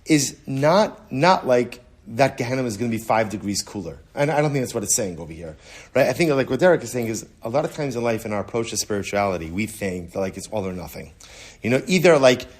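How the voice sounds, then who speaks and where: A man's voice: medium pitch, darkish tone, husky. A man, a rabbi, giving a casual Talmud lesson in a conversational way, often repeating words as he restarts a sentence and answering students. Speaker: rabbi teaching a Talmud class.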